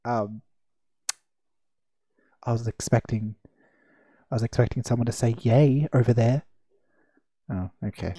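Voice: mid-range voice, fairly even intonation, moderate pace, pauses often, mellow. A gamer giving casual, giggly gameplay commentary with many fillers and distracted asides. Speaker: let's play gamer. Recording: faint game music behind.

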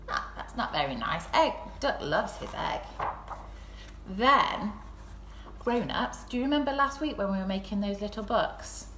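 A woman reads a storybook to young children over a live stream. She speaks slowly with a bright, forceful tone and a very lively, swooping pitch. She breaks into whispers and squeaky sound effects, and her voice carries an echo from a roomy kitchen. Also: a little hiss or hum. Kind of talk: live-streamed picture-book read-aloud for young children. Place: home kitchen. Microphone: camera set up in front of her. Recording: roomy home room echo.

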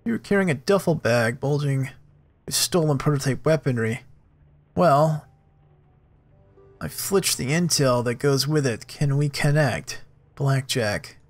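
A man hosting a let's play, reading game text aloud and thinking out loud in a relaxed, casual way. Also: medium pitch, a little slow, long pauses.

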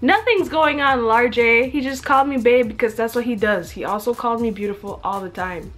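A woman's voice: fairly high pitch, fairly even intonation, fast. Young woman, vlogger, reads old diary entries aloud, chatty and giggly, faint music underneath. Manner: chatty, giggles often, self-mocking asides.

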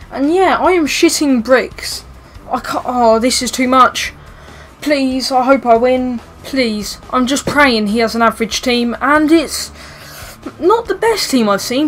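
A young woman giving excitable gameplay commentary, swearing, pleading and shouting at the match as it unfolds. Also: high voice, slight background noise. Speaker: gaming YouTuber.

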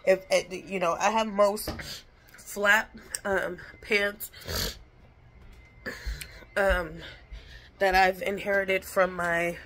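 A woman's voice: medium pitch, little pitch movement, drawn-out words, long pauses, a bit bright. A woman chatting bluntly in a casual home vlog from her kitchen, swearing freely and talking with her lips barely open. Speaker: vlogger.

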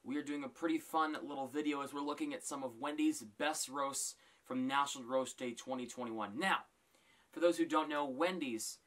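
Bright, animated YouTube host. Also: mid-range voice. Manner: animated, with frequent exclaimed reactions. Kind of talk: casual reaction vlog, reading tweets aloud.

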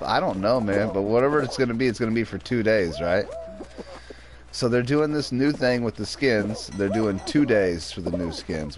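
A man's voice: fairly low pitch, slight background noise. A man streaming a game, chatting casually with viewers and his pet. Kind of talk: casual livestream chat.

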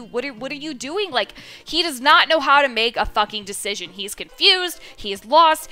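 Woman, high bright voice, exasperated rant, heavy swearing, faint music behind. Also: clear, resonant tone. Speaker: streamer telling a work story. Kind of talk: casual storytelling rant.

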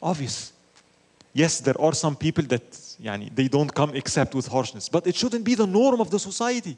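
A man's voice: on the high side, moderate pace. A man teaching an Islamic lecture, telling stories with rhetorical questions and Arabic phrases mixed in. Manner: animated storytelling with rhetorical questions. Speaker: religious teacher.

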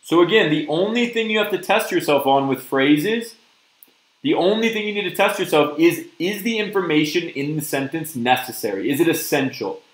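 A man's voice: fairly high pitch, animated, moderate pace, echoey room, rough recording. A man teaching a live-streamed test prep lesson, upbeat and often checking in with "okay?" and "right?". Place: virtual classroom stream.

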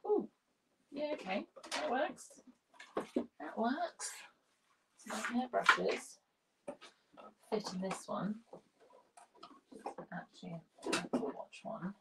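A woman's voice: medium pitch, big pitch swings, takes it slowly, creaky, long pauses, distant mic, very noisy. A British woman in her thirties chatting casually and mocking herself as she tidies a bedroom chest of drawers. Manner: chatty, self-mocking, talks to herself while sorting. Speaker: decluttering vlogger and lifestyle coach. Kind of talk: casual chat while tidying. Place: bedroom at home.

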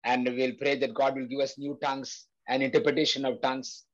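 A man's voice: medium pitch, little pitch movement, a little fast, highs cut off. A man leading a Bible study, preaching earnestly with repeated phrases and frequent fillers. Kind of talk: preaching to a prayer group.

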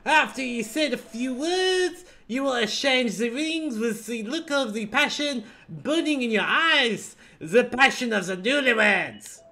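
A man's voice: very high voice, expressive, normal speed, few pauses, pushed and bright, pitched above the performer's own voice, exaggerated voice. A man voicing a fussy, gushing male wedding planner in a game read-along, with a hammy fake French accent.

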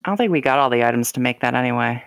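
A woman's voice: extremely low pitch, lively intonation, racing, vocal fry, no room sound. A young woman playing a co-op game and chatting casually, thinking aloud and giggling often. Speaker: co-op gaming partner. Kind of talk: casual co-op gaming chat.

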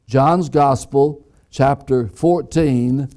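Slow, emphatic preaching pastor, a man. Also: a little high, expressive, darkish tone. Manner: slow, deliberate, repeats key phrases for emphasis. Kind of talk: sermon. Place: church sanctuary.

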